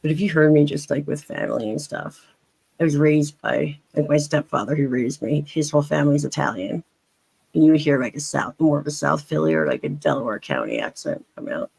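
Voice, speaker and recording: A woman's voice: deep voice, lively intonation, fairly quick, gravelly, darkish tone, slightly rough, dry recording, low-quality recording. A woman with a faint Philadelphia accent, chatting as a panelist in a rambling, chatty way with many restarts. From Philadelphia area. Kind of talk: casual chat.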